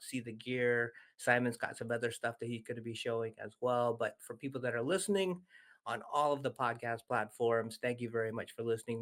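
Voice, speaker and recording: A man's voice: medium pitch, fairly bright tone. A man co-hosting a podcast, chatty and upbeat as he talks to listeners and brings on a guest. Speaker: podcast co-host.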